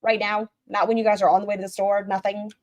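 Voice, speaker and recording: A woman's voice: medium pitch, level tone, fast talker, darkish tone. A woman hosting a stream, giving snarky, mocking commentary on a video. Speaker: stream host reacting to a video. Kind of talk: casual commentary.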